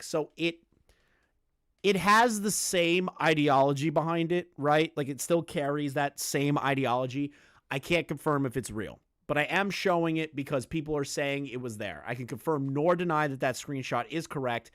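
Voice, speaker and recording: A man's voice: fairly high pitch, expressive, normal speed, fairly bright tone, dry recording, studio quality. A man giving live-stream commentary on online drama, blunt and emphatic, swearing now and then.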